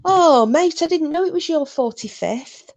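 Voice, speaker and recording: A woman's voice: high voice, animated, moderate pace, darkish tone, muffled recording. A middle-aged woman hosting a live stream, chatting casually to her viewers and laughing often between remarks. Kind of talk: casual chat to a live chat audience.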